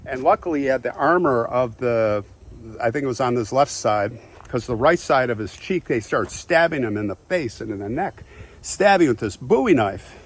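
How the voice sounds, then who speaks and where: A man casually retelling a historical crime, animated, briefly acting out the quotes as he goes. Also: mid-range voice, moderate pace. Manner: animated, acts out quotes in passing. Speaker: history storyteller.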